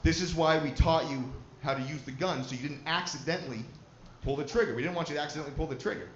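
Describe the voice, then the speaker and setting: A man doing stand-up comedy, telling a long profane story and chatting with the crowd. His voice sits a little high for a man. The live recording is roomy and dull, with a loud layer of noise behind it. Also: fast.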